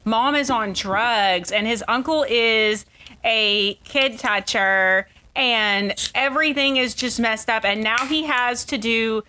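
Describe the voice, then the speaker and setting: A woman's voice: on the high side, takes it slowly, pushed and bright, a little hiss or hum. A woman co-hosting a podcast, retelling a movie's plot in a chatty, sympathetic way. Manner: chatty, sympathetic, agreeing often. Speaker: podcast co-host. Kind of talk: casual movie recap chat.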